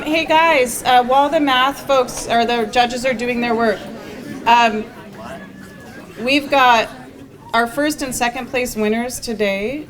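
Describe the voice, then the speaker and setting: A woman hosting a school story slam in a library, making casual announcements with plenty of fillers. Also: on the high side. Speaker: event host. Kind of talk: event announcements.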